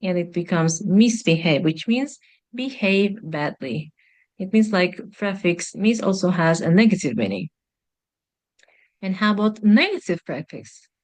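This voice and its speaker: Slow, careful woman teaching English. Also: fairly low pitch, animated, darkish tone. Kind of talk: recorded video lesson.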